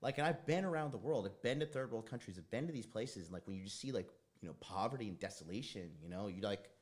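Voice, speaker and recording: A man's voice: fairly low pitch, lively intonation, fast. A man hosting a casual livestream as a dating coach, talking bluntly, rambling off on tangents and swearing now and then. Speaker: dating coach and show host.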